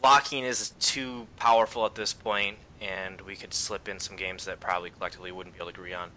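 A man's voice: low voice, fairly quick, slight background noise, rough recording. A man hosting a casual game podcast panel, talking loosely with lots of fillers. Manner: relaxed, rambling with fillers. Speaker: podcast host.

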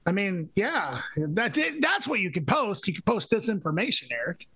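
A man's voice: high voice, sing-song, normal speed, sharp tone, slightly rough. A man co-hosting a music podcast in casual chat, rambling and full of fillers as he hunts for words. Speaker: podcast co-host.

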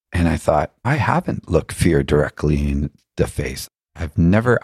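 A man's voice: deep voice, a little mellow, slightly rough, no room sound, studio quality. A man who is a podcast guest tells reflective spiritual stories. He speaks earnestly, often poses rhetorical questions and laughs now and then.

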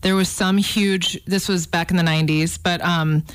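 A woman's voice: on the low side, steady tone, moderate pace, clear, resonant tone, no room sound. A woman who is a regular on a radio show, chatting casually in a playful, self-deprecating way.

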